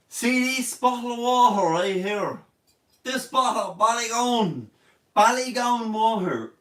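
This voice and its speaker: A man in his thirties with an Irish accent, talking on a live stream in a jokey, rambling way and breaking into silly voices. His voice sits fairly high, and he sounds a little away from the mic in an echoey room. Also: expressive, unhurried, fairly bright tone, recorded from a distance. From Ireland. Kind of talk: casual live-stream chat.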